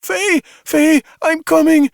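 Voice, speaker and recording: A man's voice: extremely high pitch, steady tone, slow, vocal fry, no room sound, clean studio sound, voice pushed up, exaggerated voice. A man voicing a distraught young woman officer in a sci-fi audiobook, with pleading, wailing cries.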